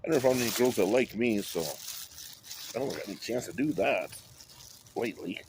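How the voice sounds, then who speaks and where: A man's voice: fairly low pitch, a little fast, noisy background. A man talking in a rambling monologue, drifting between topics and swearing often. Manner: rambling, wandering, with frequent swearing.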